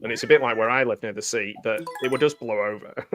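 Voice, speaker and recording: A man hosting a casual film commentary, chatty and quick to laugh, often trailing off mid-sentence. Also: medium pitch, fairly bright tone, faint music behind. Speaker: host.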